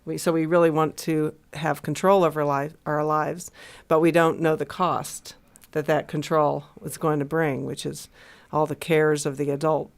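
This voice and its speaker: An American woman co-hosts a conversational discussion, thinking aloud in a thoughtful, halting way with many restarts and fillers. Her voice is low-pitched, flat in delivery, with vocal fry.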